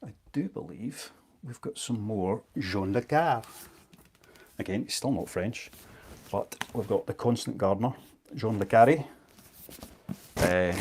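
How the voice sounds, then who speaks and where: A man's voice: fairly low pitch, noisy background. A man, chatting casually as he auctions books on a live stream, joking at his own expense. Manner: chatty and self-mocking. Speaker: online book seller.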